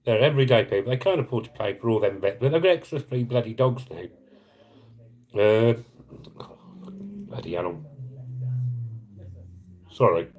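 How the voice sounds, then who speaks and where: A man's voice: mid-range voice, lively intonation, a little slow, long pauses, darkish tone, rough recording. A middle-aged man on a casual live stream, earnestly and emotionally appealing for donations, rambling and apologising as he reads comments.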